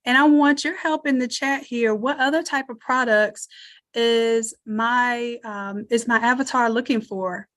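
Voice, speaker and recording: A woman leads a live screen-share tutorial in a fairly high voice. She talks casually and thinks out loud, narrating each click as she goes and inviting her viewers to chime in. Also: fairly even intonation, unhurried. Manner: chatty, thinks aloud while working. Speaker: online design instructor.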